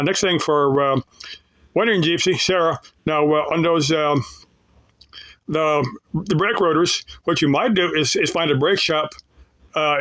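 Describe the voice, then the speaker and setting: Rambling, folksy man, slightly high voice. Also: a bit bright, rough recording. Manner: rambling and folksy, with frequent restarts and fillers. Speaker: YouTuber answering viewers. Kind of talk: casual off-the-cuff talk.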